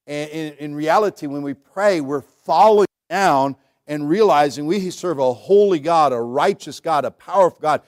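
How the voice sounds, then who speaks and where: Pastor, male, slightly high-pitched, folksy humorous delivery with big swings in volume; church sermon. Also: moderate pace. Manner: folksy, humorous preaching with dramatic shifts in loudness and pace.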